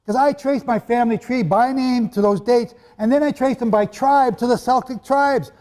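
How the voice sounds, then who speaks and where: With an extremely high pitch, a darkish tone, and normal speed, a man delivers a sermon-style Bible lecture to a live hall audience. The echoey space reverberates long while he speaks emphatically, using rhetorical questions and humorous asides.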